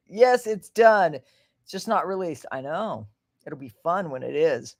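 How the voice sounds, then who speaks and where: A woman hosting a casual livestream, a little tipsy, rambling, laughing often and swinging from hushed to loud and excited. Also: deep voice, measured pace. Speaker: livestream host.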